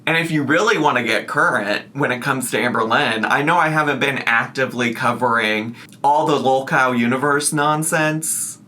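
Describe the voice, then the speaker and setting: A man's voice: medium pitch, moderate pace, few pauses, pushed and bright. A man hosting a reaction channel, talking casually and sarcastically, laughing as he goes. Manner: chatty, sarcastic, laughs through lines. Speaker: commentary channel host. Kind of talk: reaction commentary.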